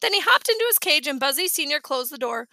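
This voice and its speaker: A woman reading a children's chapter book aloud with lively, expressive storytelling. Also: high voice, quick pace, gravelly, no room sound. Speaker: audiobook reader. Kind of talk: storybook narration.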